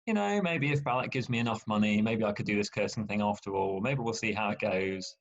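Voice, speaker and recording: A man's voice: fairly low pitch, fairly quick, lightly acted. A man voicing a pompous, self-important male soothsayer, boasting and scheming in a lightly acted voice. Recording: dull lo-fi sound.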